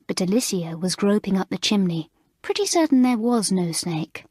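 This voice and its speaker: A woman reading a children's school story aloud in an expressive, measured narration. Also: mid-range voice, breathy edge, no echo, studio quality. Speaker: audiobook reader.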